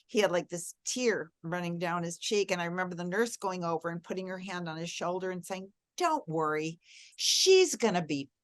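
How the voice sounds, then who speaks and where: A woman's voice: fairly low pitch, level tone, brisk, few pauses, no echo, clean studio sound. A middle-aged woman, a guest in an interview, telling a personal story in an earnest, reflective way and leaning on key words.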